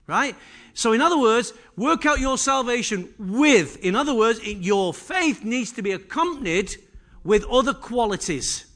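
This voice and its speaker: A man's voice: extremely high pitch, a bit bright. A man preaching a sermon to a church congregation, emphatic and full of rhetorical questions. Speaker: pastor. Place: church service.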